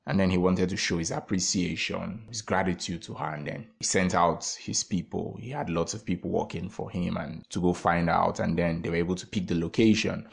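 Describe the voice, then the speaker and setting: A man telling a parable as a motivational talk, animated, with frequent fillers and laughs. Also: sits low, a little fast, vocal fry, few pauses. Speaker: storyteller.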